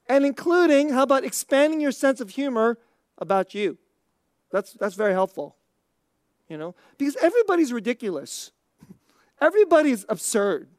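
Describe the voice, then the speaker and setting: Woman, slightly high voice, informal Christian teaching, chuckles often, conversational restarts, dry sound. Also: no echo. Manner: chuckles often between points; conversational, thinks aloud with restarts. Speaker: Christian speaker.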